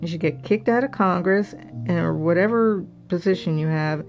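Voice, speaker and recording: A woman's voice: fairly low pitch, moderate pace, darkish tone, muffled recording, faint music behind. A woman in her sixties chatting casually and venting while she works on a craft project, drifting into muttering to herself. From United States. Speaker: crafting channel host. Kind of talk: casual chat while diamond painting.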